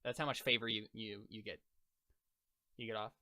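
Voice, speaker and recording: A man's voice: fairly low pitch, flat delivery, normal speed, vocal fry, sharp tone. A man running a tabletop role-playing game as game master, talking casually and hesitantly, with many fillers.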